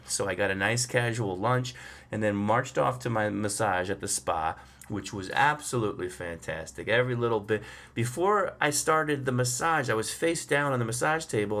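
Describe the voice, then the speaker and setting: A man, a stand-up comedian, telling a chatty, unhurried story with frequent fillers and small laughs. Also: fairly low pitch, a bit bright. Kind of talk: storytelling monologue.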